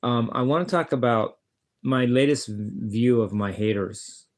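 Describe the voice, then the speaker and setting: Speaking a little slowly in a mid-range voice, the vlogger and guitarist talks casually to the camera. His monologue rambles and is blunt and full of swearing, with many restarts and stammered repeats.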